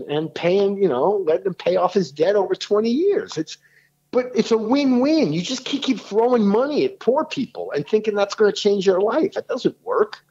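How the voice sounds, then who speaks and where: A man, talking as a podcast guest in rambling, animated stories full of restarts. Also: sits high, moderate pace, highs cut off. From New York City. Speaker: rock singer, podcast guest. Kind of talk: casual podcast conversation.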